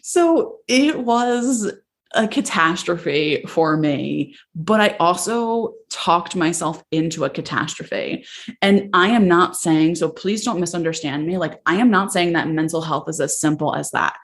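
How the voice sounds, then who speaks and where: A woman's voice: on the low side, expressive, a little slow. A young woman hosting a podcast, candidly telling a personal story in a casual, emotional way, with many "like"s. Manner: candid, emotional, says "like" often. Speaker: podcast host.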